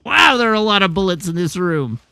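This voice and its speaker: Streamer guy chatting over a game, wry little jokes, bright voice that jumps all over. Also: high voice, very animated, brisk, gravelly, smooth, dry recording. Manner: wry, self-amused asides. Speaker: let's play streamer. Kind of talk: casual gameplay commentary.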